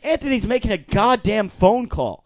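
Man, podcast host, indignant, theatrical, very lively pitch, dry sound. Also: normal speed, no room sound. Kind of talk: casual chat. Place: apartment in a big city.

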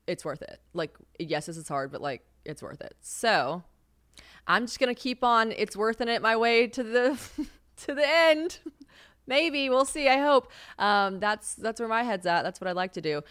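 A young woman with a fairly low voice hosts her podcast in loose, casual chat. She swears freely, laughs often and acts out other people's lines in her stories. The recording is dry and close. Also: dry recording. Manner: candid and profane, animated, laughs often, acts out quoted voices. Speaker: podcast host.

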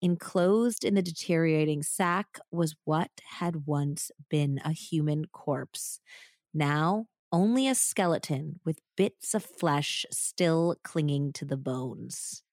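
A woman's voice: sits low, slow, darkish tone, no echo, clean studio sound. Woman narrating true crime with drama. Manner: dramatic storytelling, playful banter. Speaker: podcast co-host and storyteller.

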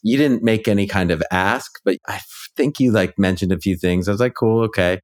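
Deep-voiced, reflective male podcast guest. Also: a little fast. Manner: relaxed, reflective storyteller who laughs easily. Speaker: guest, ghostwriter and author. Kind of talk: casual interview conversation.

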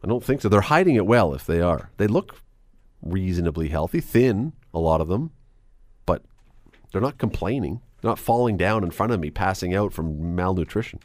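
A man hosting a talk radio show, chatty and animated, with quick asides. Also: low voice, no echo. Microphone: studio microphone.

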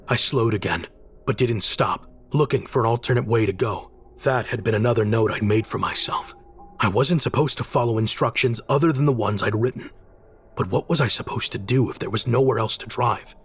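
A man narrating a horror story in the first person, with a measured, tense delivery. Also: mid-range voice, slightly rough.

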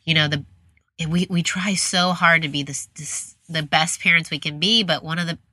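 A woman's voice: sits low, fairly even intonation, moderate pace, bright, forceful tone, dry recording. Chatty woman host, dry sound. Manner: chatty, rambling, self-deprecating. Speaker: podcast host. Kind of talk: casual conversational interview.

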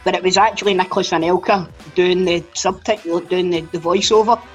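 A man's voice: high voice, steady tone, fairly quick, dull audio, soft background music. A man, a podcast co-host, talking in sweary, ranting banter. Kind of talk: casual banter.

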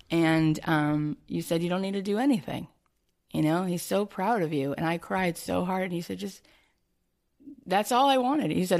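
A woman hosts a relaxed interview, her voice sitting a little low for a woman. She tells stories with energy and acts out the lines people said to her. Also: moderate pace, creaky. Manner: animated storytelling, retelling dialogue. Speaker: podcast host. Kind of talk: conversational interview.

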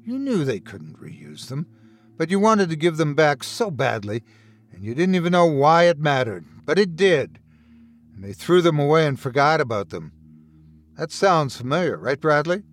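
A man voicing a menacing, mocking male doctor who taunts in a slow, hushed voice. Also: a little high, sing-song. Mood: taunting.

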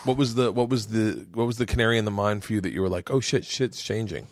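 A man's voice: fairly low pitch, fairly even intonation, quick pace, no room sound. A man hosting a podcast, chatting casually at a house and telling stories full of swearing and acted-out voices. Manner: swears a lot, acts out voices in his stories. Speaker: podcast host. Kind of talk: casual chat, animated storytelling.

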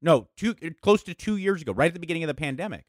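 Middle-aged man, guest, casual chat, lively storyteller, slightly high pitch, dry sound. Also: very fast, no room sound. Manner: animated storyteller, swears freely.

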